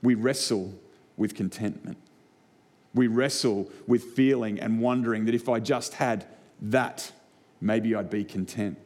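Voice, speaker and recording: A man's voice: on the low side, unhurried, a little mellow. A man with an Australian accent preaching a sermon to a congregation, telling personal stories and building points through repeated rhetorical lines. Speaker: pastor. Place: church hall before a congregation.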